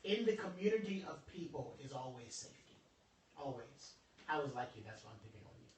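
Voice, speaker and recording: A young man giving an informal motivational talk to a small group, lively and joking in a preacherly way, calling on his audience. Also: mid-range voice, fairly quick, slight background noise. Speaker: motivational speaker. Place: indoor room with a small audience. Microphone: phone livestream from across the room. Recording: echoey room, voice from a distance.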